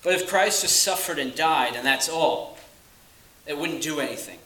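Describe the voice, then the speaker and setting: A man preaching a sermon with a bright, forceful voice. He is earnest and emphatic, leaning slowly on key words and then dropping low. The room around him rings with echo. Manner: earnest, emphatic, with slow stressed phrases and dropping to quiet asides.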